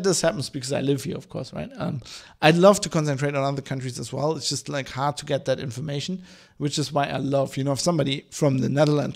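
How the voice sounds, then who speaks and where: Hoarse, gravelly man rambling casually. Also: on the high side. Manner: rambling, swears, many fillers and restarts. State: hoarse from hay fever. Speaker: podcast host. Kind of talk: casual solo podcast chat.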